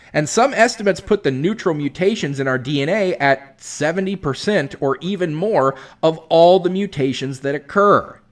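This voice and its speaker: A man hosting a commentary video, responding to a clip in a sarcastic, exasperated, lecturing way. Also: on the high side.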